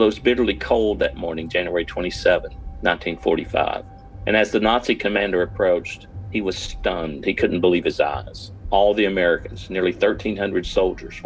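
A man recounting his father's wartime ordeal in an earnest, dramatic documentary interview, pausing for effect. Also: low voice, low-quality recording. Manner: earnest, dramatic retelling with pauses. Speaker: son recounting his father's war story.

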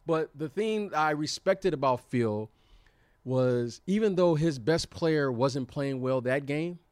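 A man in his fifties tells his stories with animated energy. He often stumbles over and repeats words as he builds up to the point. He slips into quoted voices along the way. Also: a little high, takes it slowly, clean tone, no echo, clean studio sound. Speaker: former pro basketball player, guest. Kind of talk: casual storytelling.

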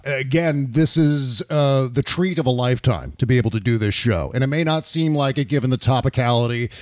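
A man's voice: mid-range voice, a little fast, dry recording, studio quality. A man hosting a political talk show, chatting animatedly and laughing often. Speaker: podcast host.

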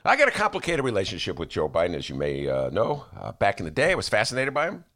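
A man's voice: on the low side, fast. A man hosting a radio talk show, bantering and joking, slipping into impressions. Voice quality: animated, jokey, slips into impressions. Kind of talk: casual on-air banter.

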